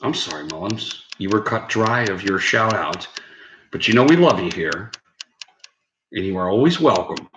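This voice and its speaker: A man's voice: lowish voice, animated, moderate pace, a bit bright. Rambling, swearing man hosting a live stream. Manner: rambling, swearing, laughs at his own lines. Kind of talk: casual live-stream chat reading viewer comments. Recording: echoey room, faint background noise.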